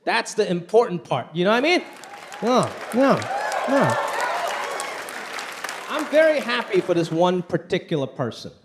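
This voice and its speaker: A man performing a stand-up comedy routine on stage, animated and putting on voices for the people in his stories. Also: sits high, measured pace, long pauses, heavy background noise. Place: stage before a laughing audience. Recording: live show with crowd laughter.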